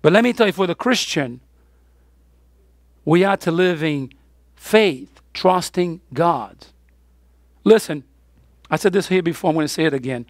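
A man's voice: a little high, animated, a little slow, pauses often, no echo, studio quality. A man preaching a sermon as pastor, emphatic, with his voice rising on the key points.

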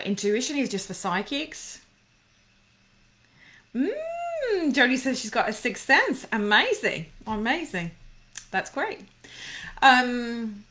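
A woman's voice: fairly high pitch, a bit bright. A woman coaching people through anxiety in a casual live stream, bubbly and effusive, rambling with many fillers as she reacts to viewer comments.

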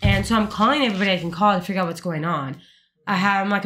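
A woman telling a story in casual family conversation, animated and acting out the people in it. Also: medium pitch, very fast, soft background music. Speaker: guest relative.

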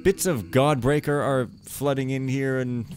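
A man's voice: medium pitch, steady tone, a little slow, darkish tone. A man giving rambling, wry gameplay commentary as a let's play host, talking to himself as he plays. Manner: wry, joking, talks to himself. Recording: game music behind voice. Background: game music.

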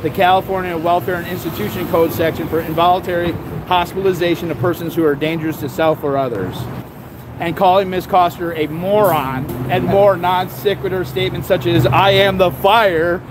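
A man's voice: sits high, steady tone, a little fast, noisy background. A man reading court papers aloud outdoors, stumbling over the words and breaking off with laughing, sarcastic asides. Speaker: vlogger.

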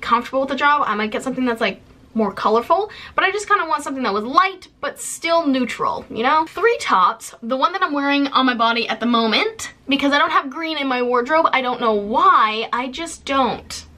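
A woman's voice: high voice, sharp tone. A young woman from Canada in her twenties, chatting casually on camera about things she bought and was given, bubbly and full of fillers. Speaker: vlogger. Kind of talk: casual haul chat.

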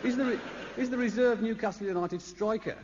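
A man's voice: high-pitched, brisk, background noise. A man, telling rambling stand-up anecdotes on a concert stage with chatty asides to the audience. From Birmingham, England. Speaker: stand-up comedian. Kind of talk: live stand-up storytelling. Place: stage in a large concert hall. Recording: echoey lo-fi live concert recording. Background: audience laughter.

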